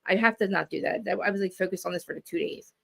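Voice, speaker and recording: A young woman co-hosting a casual chat, animated, swearing and acting out quotes. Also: medium pitch, quick pace, vocal fry, slightly rough. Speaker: podcast co-host.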